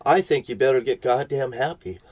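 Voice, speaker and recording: A man's voice: medium pitch, a little fast, darkish tone. A man ranting at the camera from his parked vehicle in a profane, threatening, preachy tone. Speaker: vlogger.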